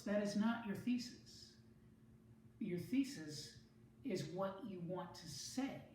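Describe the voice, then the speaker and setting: A teacher giving a measured, explanatory writing lesson, speaking slowly and carefully to students. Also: medium pitch, a little mellow. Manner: measured, explanatory, rereads for clarity. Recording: very echoey room, mic far off, faint noise.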